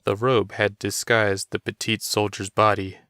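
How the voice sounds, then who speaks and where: A man narrates a dark story in a steady, measured way, his voice low and smooth. The recording is dry and close, with no room sound. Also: no echo. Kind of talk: reading a story aloud.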